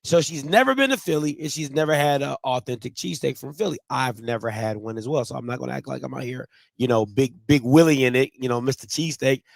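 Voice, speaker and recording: A man's voice: mid-range voice, fast, creaky, hardly any pauses, no room sound. A man from Ohio telling a casual, slangy story to his viewers, repeating and restarting phrases as he goes. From Ohio, USA. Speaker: vlogger.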